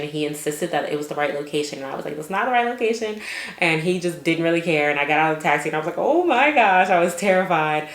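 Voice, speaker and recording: Chatty low-voiced woman in echoey room. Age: adult with children. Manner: chatty, animated, lots of fillers and quoted self-talk. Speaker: vlogger. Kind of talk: casual storytelling vlog.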